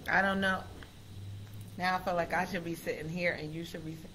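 Live-stream host: a woman, chatty and excitable, bright voice, speaks directly to viewers. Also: lowish voice, fairly quick, slight background noise. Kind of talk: casual live-stream chat.

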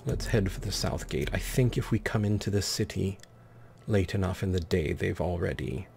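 A man's voice: low voice, moderate pace, gravelly, darkish tone, slight background noise. A man hosting a let's play with commentary, speaking in an affected, pompous persona and calling the game characters darling and dear.

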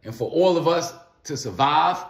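Male vlogger, slightly high voice, emphatic and repetitive philosophical musing, echoey room. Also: animated, normal speed, vocal fry. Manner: repetitive, emphatic, loose slang address. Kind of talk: casual philosophical monologue.

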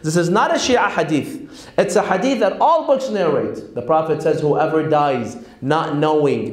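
A man giving a sermon to a congregation, posing rhetorical questions and quoting opponents. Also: high-pitched. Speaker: speaker at a religious lecture. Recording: echoey hall.

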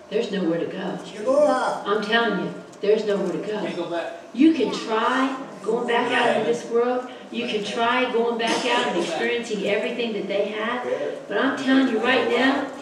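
A woman's voice: fairly high pitch, background noise. Emphatic woman preaching in echoey church. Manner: emphatic, repetitive, impassioned. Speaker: Sunday school teacher. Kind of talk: informal Sunday school preaching. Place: church sanctuary. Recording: echoey church recording from far off, congregation audible.

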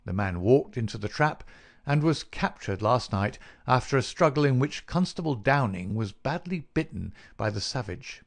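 A man narrating a classic detective story in a measured, even way. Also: mid-range voice, gravelly. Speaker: audiobook narrator. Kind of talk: scripted narration.

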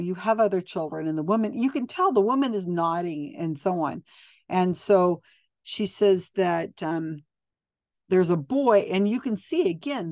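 A woman's voice: lowish voice, a little mellow, dry recording, studio quality. A woman giving skeptical, blunt video commentary, talking casually with frequent ums and restarts. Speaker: commentator reviewing psychic videos.

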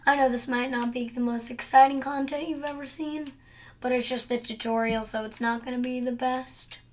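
A woman's voice: high voice, steady tone, normal speed. Young woman muttering through a gameplay session. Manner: muttering her actions to herself, chatty asides to viewers. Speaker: gamer. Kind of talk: gameplay commentary.

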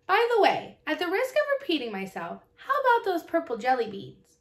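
A woman's voice: very high voice, huge pitch swings, normal speed, voice pushed up, exaggerated voice. A woman voicing a huge, aloof male imaginary cat who talks in prim, old-fashioned phrases. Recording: roomy echo.

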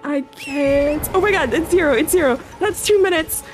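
A woman's voice: high-pitched, moderate pace, music in the background. A woman from the UK chatting playfully on a game stream, giggling and teasing. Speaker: guest on the stream. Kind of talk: casual chat.

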